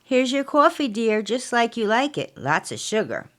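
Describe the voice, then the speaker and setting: Woman playing a sly older husband, syrupy, polite, soft-spoken, falsely sweet, storybook reading. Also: fairly high pitch, sing-song, normal speed, voice pushed up.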